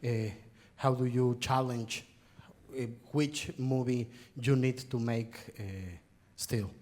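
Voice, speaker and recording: A man's voice: medium pitch, flat delivery, slow pace, darkish tone. A man in the audience asking the guest a question, hesitant and groping for words.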